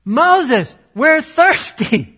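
A man voicing a group of complaining desert wanderers, whining in a drawn-out way. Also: sing-song, pushed and bright, full character voice. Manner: whining, drawn-out, high-pitched. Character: whiny complaining desert wanderers, mixed adults. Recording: dull lo-fi recording.

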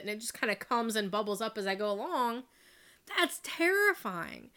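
Candid, chatty woman podcaster, slightly high. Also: fairly bright tone. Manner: candid and chatty, swears and laughs, tangents. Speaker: podcast host and life coach. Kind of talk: casual unscripted podcast monologue. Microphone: studio microphone.

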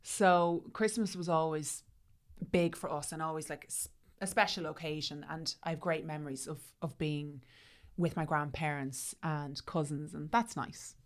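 A woman, talking in a relaxed, chatty way. Her voice sits a little low, and she brings her stories to life by acting out what people said. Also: normal speed. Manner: chatty, animated storytelling. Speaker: guest. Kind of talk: casual chat.

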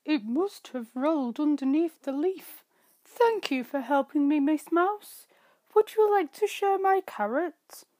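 A woman voicing a small, gentle male rabbit who is easily upset in a storybook, in a soft, plaintive voice. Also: high voice, expressive, a little slow, no room sound, pitched above the performer's own voice. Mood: grateful.

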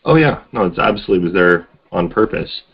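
A man's voice: sits low, lively intonation, fast, gravelly, breathy edge. A man co-hosting a podcast in casual chat, talking loosely and speculatively in run-on thoughts. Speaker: podcast co-host. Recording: dull lo-fi recording.

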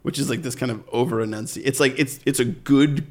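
A man's voice: medium pitch, brisk. A man co-hosting a podcast, chatting casually in a playful, joking way that trails off mid-sentence. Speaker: podcast co-host. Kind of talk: casual chat. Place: Glendale, California.

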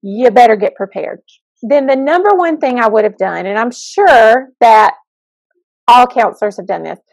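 Giggly high-voiced woman, dry close sound. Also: dry recording, rough recording. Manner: giggly, playful, apologetic. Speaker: podcast co-host, school counselor. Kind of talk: casual podcast chat.

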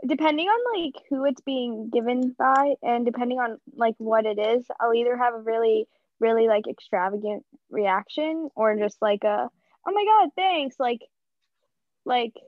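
A young woman co-hosts a podcast, rambling casually with lots of fillers and self-mocking asides. Her voice is a little high, her speed normal, and there's no room sound, though the podcast audio is muffled and lo-fi.

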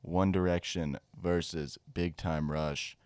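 A young man co-hosting a casual podcast, rambling and relaxed. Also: low voice, slow, no echo. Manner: rambling, relaxed, laughs often. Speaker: podcast co-host.

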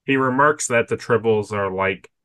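Mellow cohost guy, agrees a lot, lowish voice, dry close mic. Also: dry recording. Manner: relaxed, agreeable, chimes in with quick yeahs. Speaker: podcast co-host. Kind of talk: casual chat.

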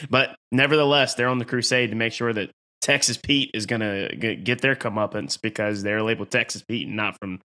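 A man's voice: medium pitch, brisk, pushed and bright. A man hosting a casual podcast who laughs often as he tells stories. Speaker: podcast host. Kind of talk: casual chat.

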